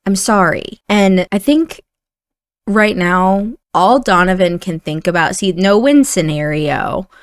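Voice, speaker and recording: A woman's voice: mid-range voice, lively intonation, takes it slowly, smooth, no room sound, studio quality. Chatty Indiana woman narrating a game. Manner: chatty, emotional storytelling. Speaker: game commentator. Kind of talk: narrating a life-sim game story.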